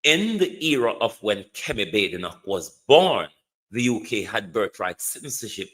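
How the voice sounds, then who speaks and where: A man's voice: lowish voice, big pitch swings, normal speed, a bit bright, low-quality recording. A Jamaican man hosting a livestream, delivering a scornful, emphatic political rant and repeating his insults. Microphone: streaming setup.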